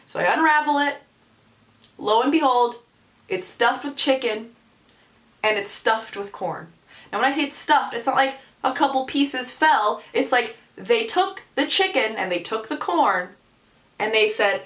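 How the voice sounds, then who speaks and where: A woman in her twenties telling a story on her vlog in an animated, sarcastic way. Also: a little high, a little slow. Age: 20s. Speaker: vlogger. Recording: echoey room sound.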